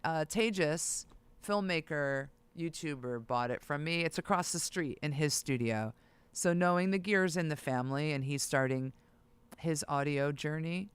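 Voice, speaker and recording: A music producer vlogger talking casually to viewers, excitable and thinking aloud while browsing gear listings. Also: medium pitch, clean tone. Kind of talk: casual vlog talk to camera.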